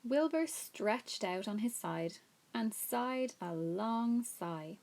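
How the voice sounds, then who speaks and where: A woman reading a children's novel aloud to a class, telling it in a steady, unhurried way. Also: a little high.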